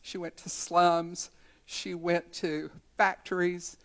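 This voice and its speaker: A woman's voice: on the low side, little pitch movement, slow pace. A woman in her sixties, a community educator, giving a storytelling talk at a symposium in a college conference center.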